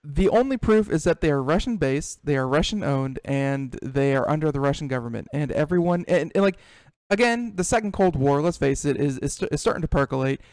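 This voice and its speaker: A male tech-show host in loose, animated conversation, voice sitting a bit high. He restarts sentences and repeats words as he talks. The sound is close and dry. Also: fairly quick, dry recording. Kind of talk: casual tech talk chat.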